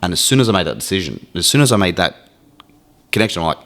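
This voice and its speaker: A man's voice: low-pitched, sing-song, very fast, fairly bright tone. A man speaking candidly as a podcast guest, emotional and swearing freely, acting out his inner voice. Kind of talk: candid conversation.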